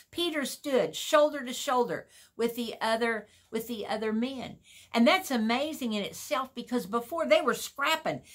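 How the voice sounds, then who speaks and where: A woman preaching a sermon in a folksy, animated way, putting questions to the congregation. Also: fairly high pitch.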